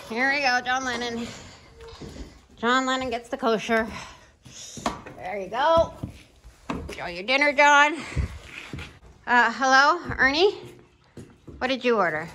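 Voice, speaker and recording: A flight attendant with a fairly high voice plays at running an in-flight meal service outdoors while feeding horses, keeping up cheery, teasing cabin-crew patter against a noisy background.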